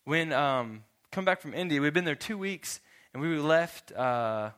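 A man's voice: a little high, animated, a little slow, a bit bright. A young man from Texas giving a casual sermon as youth pastor, laughing often and acting out both sides of conversations in his story.

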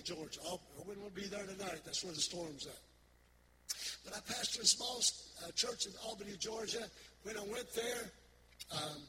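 An older man preaching, folksy storytelling full of repetitions as he tells his testimony to the congregation. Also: high voice. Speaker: pastor. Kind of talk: sermon testimony. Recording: loud background noise.

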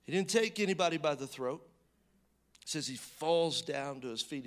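A man preaching a sermon, swinging between loud emphatic bursts and hushed, low reading of scripture, with conversational asides and restarts. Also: normal speed.

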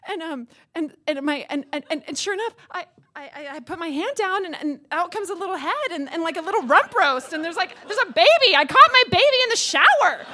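A woman in her thirties telling a personal story on stage in a chatty, animated way, acting out the dialogue. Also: very high voice, a little fast, few pauses.

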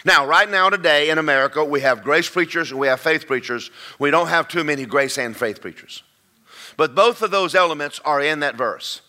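An older man delivers a sermon in a folksy, emphatic way. His voice sits a little high and sounds bright and forceful. He drags out key words slowly to drive them home. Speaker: preacher.

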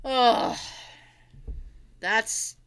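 A woman telling family stories in a casual chat, animated, swearing freely and laughing often. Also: extremely slow.

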